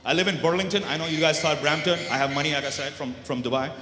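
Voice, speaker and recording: A man's voice: a little high, steady tone, quick pace, a bit bright, a little hiss or hum. Guy in his 30s doing standup, teases the crowd, laughs at his own bits, big echoey hall with a long reverb. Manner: teasing, chatty, laughs at own jokes. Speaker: stand-up comedian. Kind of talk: stand-up comedy with crowd work. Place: large banquet hall.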